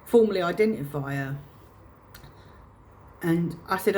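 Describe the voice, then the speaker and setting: Woman vlogger, low-voiced, choked up, replaying her own past words. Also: fairly even intonation, normal speed, a little mellow. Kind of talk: personal storytelling to camera.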